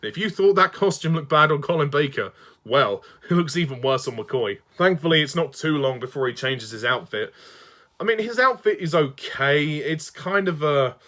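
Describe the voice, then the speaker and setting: A man's voice: a little high, lively intonation, normal speed, bright, forceful tone. A man delivering an exasperated ranting review monologue, swearing and sighing often. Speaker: fan reviewer.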